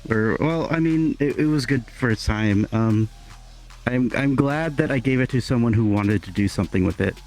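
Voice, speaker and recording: A man talking as a guest in a casual chat, soft-spoken and hesitant, through a headset mic. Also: mid-range voice, moderate pace.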